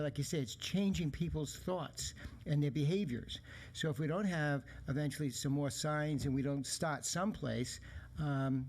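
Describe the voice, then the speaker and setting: A man's voice: medium pitch, a little mellow. A man speaking as a town councilor at a council meeting, telling anecdotes in a rambling way.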